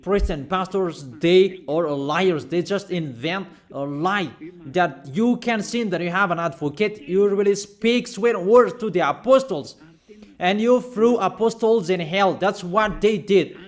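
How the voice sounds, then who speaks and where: High-voiced man preaching a scolding sermon. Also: measured pace. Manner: forceful, scolding, rhetorical questions.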